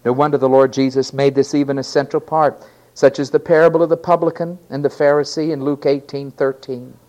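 A man preaching a sermon, swinging from emphatic shouting down to a hushed near-whisper and repeating key phrases for effect. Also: mid-range voice, flat delivery, fairly quick.

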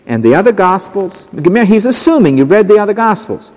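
Animated male preacher in an echoing hall. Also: high-pitched, brisk. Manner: animated, dramatic storytelling with acted-out quotes. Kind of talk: sermon, expository Bible teaching.

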